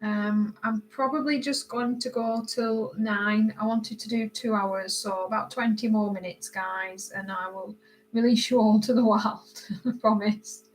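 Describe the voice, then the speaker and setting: A woman from Britain hosting a casual live stream while she colors, greeting viewers by name and answering their comments, her voice often drifting quieter as she concentrates. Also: medium pitch, steady tone, a little slow, soft background music, low-quality recording. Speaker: livestream host.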